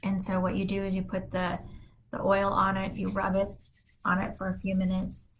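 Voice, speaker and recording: A woman's voice: mid-range voice, monotone, normal speed, a little hiss or hum, rough recording. A middle-aged woman hosting a wellness show from her home office, talking casually and rambling with many fillers. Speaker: wellness podcast host. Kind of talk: casual solo talk.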